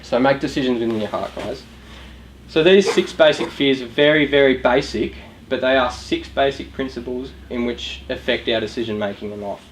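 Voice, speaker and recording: Before a live audience of young people in a room, a young Australian youth charity speaker chats casually, motivating them and posing questions. His medium-pitched voice runs at normal speed, and the low-quality recording has a little hiss or hum.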